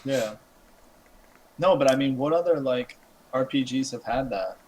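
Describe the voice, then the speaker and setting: Laid-back young man, mid-pitched. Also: darkish tone, poor audio. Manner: laid-back, thoughtful, halting. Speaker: podcast co-host. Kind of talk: casual gaming chat.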